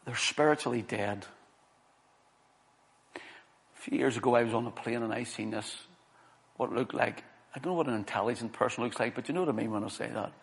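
Middle aged guy preaching, gravelly creaky voice, earnest, hits his words hard. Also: mid-range voice. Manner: earnest, building to emphatic stresses. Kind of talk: sermon with a personal story.

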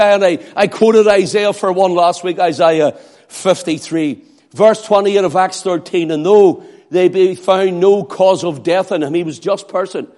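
A man's voice: high-pitched, measured pace, darkish tone. A man preaching a sermon, who acts out crowd cries and pleas in a raised voice.

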